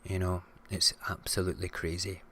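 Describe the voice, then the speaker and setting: Scottish male stream host, lowish voice, casual, frank and ranty. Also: flat delivery, normal speed, bright, forceful tone, slightly rough. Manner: frank and ranty, swears freely. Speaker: host of a live-streamed morning show. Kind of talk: casual live-stream chat and rant.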